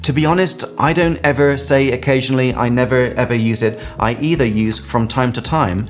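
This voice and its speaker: A man with an English accent teaches grammar in an upbeat, lively way, leaning hard on key words and drawing them out as he explains. His voice sits in a plain middle register. Faint guitar music plays softly behind him. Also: medium pitch, a little fast. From England.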